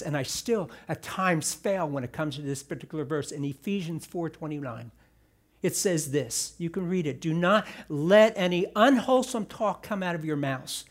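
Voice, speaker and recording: A man with a high-pitched voice delivers a sermon in a church. He speaks in a conversational way, tossing in asides, then rises and presses on the words he wants his listeners to remember. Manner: emphatic, rising on key words, conversational asides. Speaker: pastor. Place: church sanctuary.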